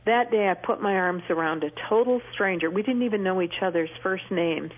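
A woman's voice: mid-range voice, brisk, a little hiss or hum. A middle-aged woman, a Christian speaker, telling earnest personal stories with touches of humor as a radio interview guest. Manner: earnest, storytelling, warm humor. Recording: tinny phone line on radio.

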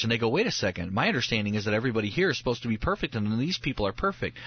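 A man's voice: medium pitch, husky, dull audio. A man in his thirties, a pastor, talking earnestly on a radio show and acting out quotes as he tells his stories. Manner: earnest, animated storytelling with acted-out quotes. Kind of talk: radio talk show guest.

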